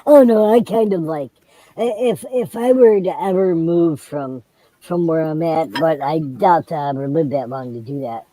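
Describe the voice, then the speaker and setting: A man's voice: fairly high pitch, moderate pace, warm tone, poor audio. An older man in casual chat, plain-spoken, stopping and restarting his thoughts.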